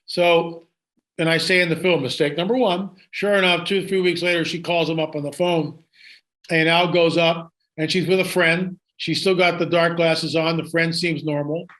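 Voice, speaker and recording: A man, the guest in an interview, telling a story with excitement and frequent restarts and asides. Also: on the high side, moderate pace.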